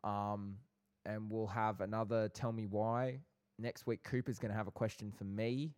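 A man's voice: fairly low pitch, level tone, moderate pace, darkish tone, clear, resonant tone. A man co-hosting a casual chat podcast, talking in a playful, bantering way. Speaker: podcast co-host.

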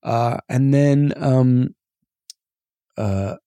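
Brief: male podcast co-host, mellow dark tone, dry sound, easygoing and halting. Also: medium pitch, no echo. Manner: easygoing, reading listener names with halting fillers. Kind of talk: casual chat.

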